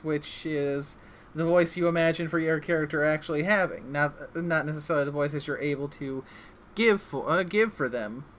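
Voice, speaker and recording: A man acting as game master in a casual online role-play session, talking in a halting way with many restarts. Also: fairly high pitch, a bit bright, a little hiss or hum. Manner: halting, full of restarts and ums. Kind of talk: casual chat over voice call.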